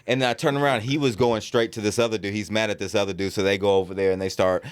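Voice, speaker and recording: Low-voiced laid-back man telling a story. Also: steady tone, fast talker, clear, resonant tone. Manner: laid-back storyteller, mimics people in his anecdotes. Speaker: podcast co-host. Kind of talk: casual comedy podcast chat.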